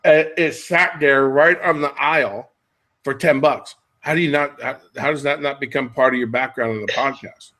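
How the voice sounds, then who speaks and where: A man's voice: mid-range voice, moderate pace, bright, forceful tone. A middle-aged man hosting a podcast, chatting casually and jokily as he wanders off on tangents. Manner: rambling, jokey, jumps between tangents. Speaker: podcast host.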